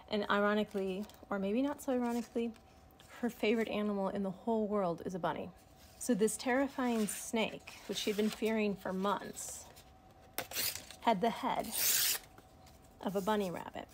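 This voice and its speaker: A middle-aged woman guides an art lesson from her home studio in a gentle, unhurried storytelling voice. She often drops to a soft whisper as she works. Her pitch sits in a middling range, with faint background noise. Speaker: art teacher. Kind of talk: art tutorial narration.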